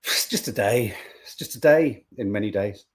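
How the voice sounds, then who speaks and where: A man's voice: lowish voice, moderate pace. A male podcast co-host in casual chat, reading out viewer comments with jokes and free swearing. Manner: jokey, animated, swears freely.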